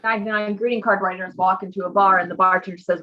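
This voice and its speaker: Woman, bright and excited, rushed jokes, lo-fi dull mic. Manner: high, excited, rushed delivery. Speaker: improv player. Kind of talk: telling quick jokes.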